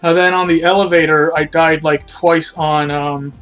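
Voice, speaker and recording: A man's voice: fairly high pitch, flat delivery, moderate pace, a bit bright, smooth, faint music behind. A man casually chatting on a live game stream, self-critical and rambling, trailing off, a bit out of breath.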